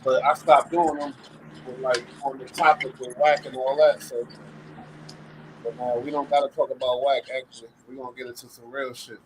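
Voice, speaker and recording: A man hosting a loose live-stream, his voice sitting at an ordinary pitch. He talks in a relaxed, slangy way, shouting out viewers between topics, with faint noise underneath. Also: moderate pace. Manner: laid-back slang-heavy talk, shout-outs to chat. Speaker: livestream host. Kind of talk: casual live-stream chat.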